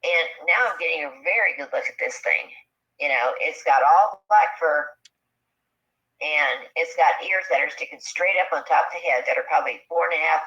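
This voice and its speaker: Woman telling her story over a muffled lo-fi line, lowish but bright, punchy voice, gets really into it. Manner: animated, acts out quoted speech. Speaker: guest telling an encounter story. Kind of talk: casual storytelling.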